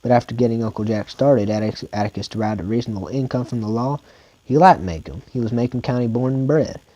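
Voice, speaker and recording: Reading a novel at home for an amateur audiobook, a Southern-accented man keeps things relaxed and informal, occasionally tripping over and repeating words with a dry mouth. His mellow, medium-pitched voice goes fast, with no echo and the highs cut off.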